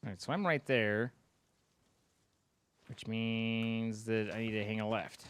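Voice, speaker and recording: A man's voice: fairly low pitch, steady tone, slow, a bit bright, clean tone. A man streaming a game, bantering and telling stories in a teasing, playful way. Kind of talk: casual gaming banter.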